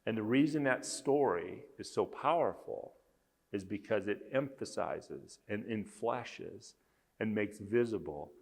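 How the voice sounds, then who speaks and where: A man's voice: lowish voice, expressive, a little slow, gravelly, a little mellow, in a large hall. A man speaking as a conference speaker, earnestly telling a story with emphasis. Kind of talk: storytelling talk.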